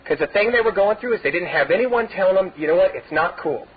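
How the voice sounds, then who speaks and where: A man's voice: high voice, animated, quick pace, breathy edge. A middle-aged man from Southern California giving a personal testimony at a recovery meeting, rambling with many "you know" fillers and laughing through his own stories. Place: meeting hall. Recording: dull lo-fi tape recording.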